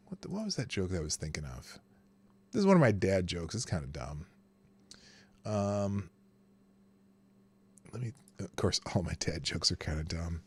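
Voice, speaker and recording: A man's voice: medium pitch, wildly swooping pitch, unhurried, long pauses, a bit bright, breathy edge, no room sound. A middle-aged man hosting a live morning show, rambling and joking and often stumbling over his words. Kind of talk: casual live commentary.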